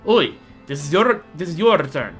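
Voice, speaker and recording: A man's voice: a little high, sing-song, moderate pace, soft background music. A man voicing a bossy male military drill commander who barks orders at recruits in a game. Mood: yelling. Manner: barking orders, yelling.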